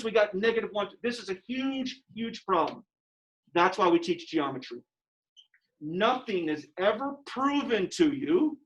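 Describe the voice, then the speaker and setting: A male teacher lecturing a classroom in an animated, joking manner. His delivery swings between quick asides and loud, emphatic pushes. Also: high-pitched, a little hiss or hum. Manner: animated, joking, rising to near-shouting. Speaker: high school geometry teacher.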